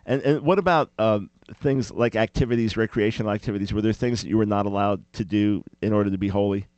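A man's voice: on the low side, fast talker, dry recording. A man hosting a Christian talk show, asking questions and joking with playful exaggeration. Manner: animated, mock-chanting with playful exaggeration. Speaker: host.

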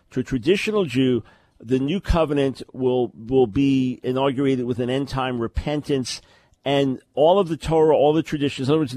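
A man's voice: mid-range voice, darkish tone, dry recording. A man hosting a call-in radio talk show, explaining religious questions in a lecturing way with sarcastic asides.

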